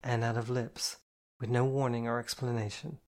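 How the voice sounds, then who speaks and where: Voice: medium pitch, little pitch movement, moderate pace, a little mellow, lightly acted. A reader playing a guilt-ridden young woman who stammers and swears bluntly. It is an audiobook character voice, close to the reader's own. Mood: distraught.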